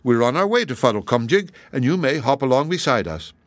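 A man's voice: medium pitch, sing-song, fairly quick, no echo, pitched above the performer's own voice, close to an everyday voice. A man doing a sensible little girl. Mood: matter-of-fact. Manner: raised, bright girlish voice, matter-of-fact.

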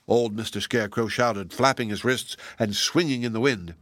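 Bright, lively male storyteller. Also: mid-range voice, moderate pace, dry recording, studio quality. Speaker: narrator. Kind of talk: storybook reading.

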